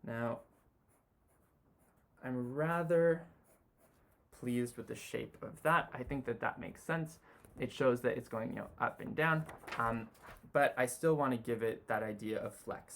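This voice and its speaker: A man teaching sketching, talking through a drawing as he makes it, relaxed and full of "you know" fillers. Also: medium pitch, slight background noise. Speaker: design tutor. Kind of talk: sketching demonstration.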